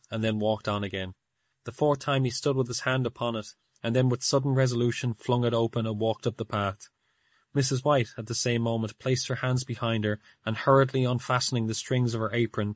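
A man narrating an audiobook in a measured storytelling manner. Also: medium pitch, no room sound. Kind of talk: audiobook reading.

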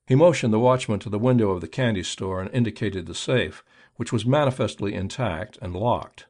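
A man reading an audiobook in a steady, measured narration. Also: fairly low pitch.

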